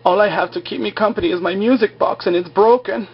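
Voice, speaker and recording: A man voicing a paranoid woman castaway with a shrill, pushy manner. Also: fast, slightly rough, lo-fi sound. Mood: wistful. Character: unhinged middle-aged woman castaway, paranoid.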